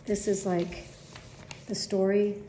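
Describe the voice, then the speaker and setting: Woman vlog host, casual, profane storyteller, mellow voice in an echoey room. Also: mid-range voice, slow pace, a little hiss or hum. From United States. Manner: chatty, profane, animated retelling.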